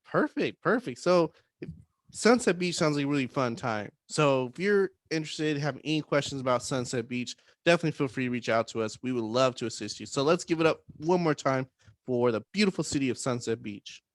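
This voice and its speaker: A man co-hosting a casual real estate podcast in an upbeat, jokey way, often tagging his points with a quick "right?". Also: medium pitch, no echo.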